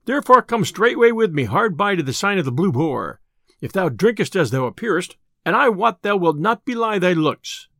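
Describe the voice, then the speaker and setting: Man voicing a merry outlaw, teasing, jovial, lively pitch, old-fashioned speech, dry close sound. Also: normal speed, no echo, heavily acted. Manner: jovial, mocking archaic speech. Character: merry, teasing male outlaw, young adult.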